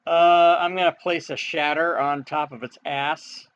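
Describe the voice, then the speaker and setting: A man's voice: on the high side, steady tone, measured pace, fairly bright tone. Brief: male player, joking, dull mic with faint hiss. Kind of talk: casual tabletop play.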